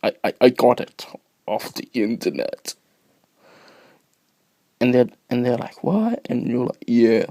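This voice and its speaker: A man with a cough rambles through a video blog, slipping into whispers and losing his thread. His voice is gravelly and husky, and he speaks slowly. The sound is dry and close. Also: mid-range voice, warm tone, dry recording. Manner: rambling, easily distracted, drifts into whispers. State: sick with a cough. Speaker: video blogger. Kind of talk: rambling casual monologue. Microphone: phone camera.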